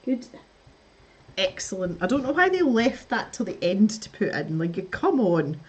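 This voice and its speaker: A woman's voice: mid-range voice, sing-song, moderate pace, highs cut off. A woman hosting a casual live stream, chatting to her viewers as she builds, laughing often and muttering to herself. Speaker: livestream host.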